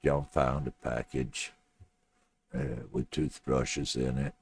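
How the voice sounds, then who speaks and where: A man reading a story aloud in a plain, steady audiobook narration, with a gravelly voice. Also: extremely low pitch, slow, a little hiss or hum.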